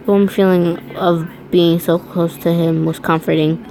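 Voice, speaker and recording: A woman's voice: on the low side, little pitch movement, normal speed, dark tone, low-quality recording. A woman reading fan fiction aloud, often stumbling over words and restarting lines. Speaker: reader.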